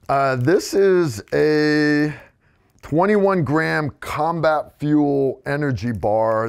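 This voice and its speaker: A man's voice: mid-range voice, gravelly. An American man hosting a casual review vlog, joking and rambling in a folksy way. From United States. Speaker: host.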